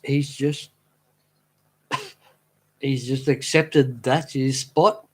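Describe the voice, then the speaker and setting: A man's voice: mid-range voice, steady tone, extremely slow, pauses often. A man chatting casually on a live stream, rambling fondly and laughing easily. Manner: rambling, fond and easily amused. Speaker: streamer talking to chat.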